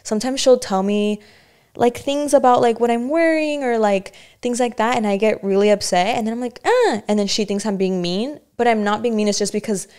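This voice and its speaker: A woman's voice: fairly high pitch, fairly quick, darkish tone, clear, resonant tone. A young woman co-hosting a casual podcast chat, talking in a candid, rambling, self-reflective way with many restarts. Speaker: podcast co-host.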